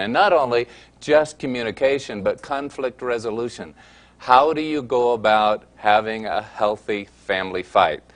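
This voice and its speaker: A man with a middle-pitched voice gives a marriage-preparation lesson. He speaks in an earnest, folksy way and moves easily between teaching points and lively anecdotes. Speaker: counselor and teacher of a marriage course. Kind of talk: teaching session with storytelling.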